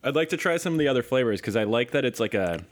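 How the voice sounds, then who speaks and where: A man's voice: medium pitch, racing, no echo. Dry joking guy on a chat show, voice bounces up and down. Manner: dry, deadpan jokes. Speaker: podcast co-host. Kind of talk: casual chat.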